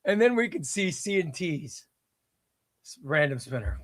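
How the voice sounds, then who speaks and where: A man hosting a casual comic book livestream, excitable and self-deprecating as he fumbles with the setup. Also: on the high side, measured pace. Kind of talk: casual live stream chat.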